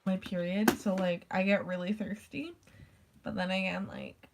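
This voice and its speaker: A woman's voice: mid-range voice, fairly even intonation, moderate pace, gravelly, a little hiss or hum. Woman just chatting to the camera, rambly, says like a ton, swears casually. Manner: rambling, full of "like" fillers. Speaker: vlogger. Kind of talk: casual chat.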